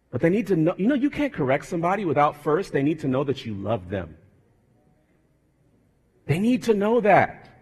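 A male pastor preaching a sermon, moving from conversational talk to fervent, loud emphasis. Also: fairly high pitch, breathy edge. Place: church sanctuary. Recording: church hall reverb.

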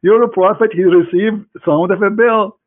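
A man with a high-pitched, steady voice speaks at normal speed on a tinny, phone-band line. As a host arguing religion with a caller, he teases and mocks, hammering points home by repeating phrases.

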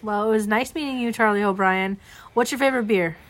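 A woman's voice: medium pitch, brisk, dry recording. A woman hosting a casual comic interview. She asks questions in a playful way, and the recording is dry and close. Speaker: host.

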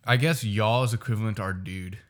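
A man's voice: on the low side, fairly quick. Young man, laid-back slangy chat, easygoing delivery, swears casually.

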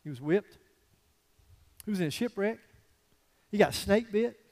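A male pastor giving a conversational, animated sermon with folksy asides to the congregation. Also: high voice, unhurried, big-room sound.

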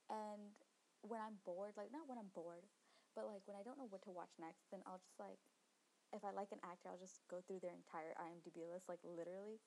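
Soft-spoken young woman, gravelly. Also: mid-range voice, steady tone, a little fast, low-quality recording. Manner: soft-spoken, near-whispered; chatty, rambling with fillers. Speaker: podcast host. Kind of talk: quiet rambling podcast chat.

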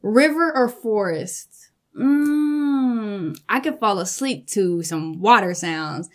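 A woman vlogging casually, animated and quick to laugh, cursing freely, with features. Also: mid-range voice. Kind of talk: casual storytelling chat.

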